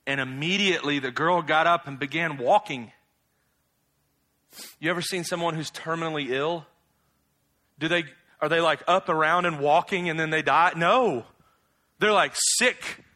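A man preaching a sermon in a conversational way, acting out bible scenes with slangy asides and loud, high exclamations. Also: moderate pace. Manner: rises to loud, high exclaims when animated. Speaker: pastor.

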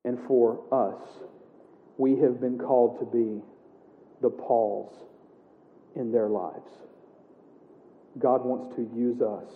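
A man preaching a sermon in a casual, animated way, acting out the scripture he reads aloud. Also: medium pitch. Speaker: pastor. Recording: echoey room heard over a tinny narrow line.

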